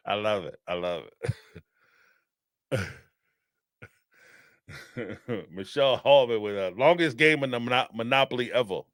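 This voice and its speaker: A man's voice: on the high side, dry recording, clean studio sound. A man hosting a live call-in show, talking in a casual, rambling way and laughing often. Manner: animated and rambling, laughs often, acts out quotes. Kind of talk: casual commentary on a live stream.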